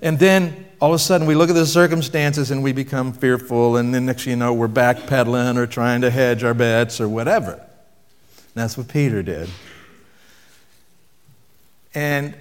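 A man preaching a sermon in a conversational way, asking the audience questions and dropping his voice for emphasis. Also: medium pitch. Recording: long reverb from a hall.

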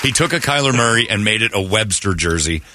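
A man's voice: lowish voice, fast, no room sound. A man hosting a morning radio show, joking and telling stories in casual banter. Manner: joking storyteller, animated retelling. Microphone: studio microphone.

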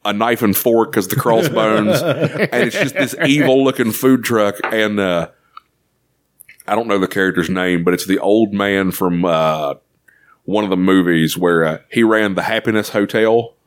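A man's voice: fairly low pitch, unhurried. A man co-hosting a casual podcast chat, a rambling storyteller who swears freely. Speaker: podcast co-host.

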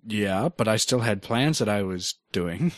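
A man's voice: on the low side, lively intonation, measured pace, no echo. Young male co-host, casual and jokey, dry close mic. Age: young adult. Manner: laid-back, rambling, jokey. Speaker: podcast co-host. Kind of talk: casual chat.

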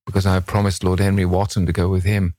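A vain, boyish young Victorian gentleman, petulant and pleading, as a man reading a storybook puts him on. The voice is lifted above the reader's own deep register, and the recording is close and dry. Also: flat delivery, fast talker, no echo, lightly acted. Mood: eager.

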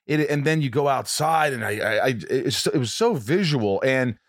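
A man hosting an interview, responding in casual conversation in an earnest, halting, emotional way. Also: mid-range voice, lively intonation, dry recording, clean studio sound. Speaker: podcast host. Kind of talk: casual chat.

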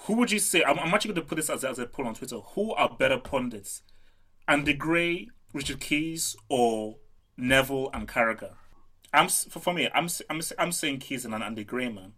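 Bright-voiced man firing quick questions. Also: mid-range voice, expressive. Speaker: podcast co-host. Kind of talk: casual chat.

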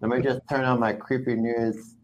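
A man hosting a comedy show, teasing his cohost in a playful, deadpan way. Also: medium pitch, moderate pace, a little hiss or hum. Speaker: host.

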